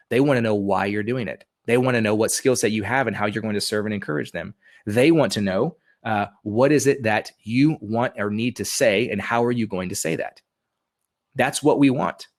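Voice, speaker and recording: A man giving an energetic motivational webinar talk from home, repeating questions to coach his listeners. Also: mid-range voice. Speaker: webinar speaker. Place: home room with a dog.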